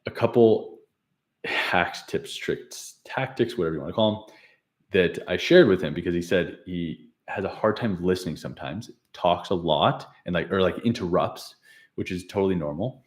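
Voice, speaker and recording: A man's voice: low voice, expressive, normal speed. A young man coaching on habits, recapping a client session in a casual, rambling way, correcting himself and laughing at his own slips. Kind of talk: casual unscripted vlog recap.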